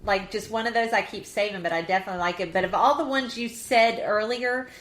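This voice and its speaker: A woman's voice: medium pitch, quick pace, fairly bright tone. A woman co-hosting a casual podcast chat, talking in a loose, conversational way with frequent restarts. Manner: conversational, with false starts. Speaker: podcast co-host. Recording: roomy echo.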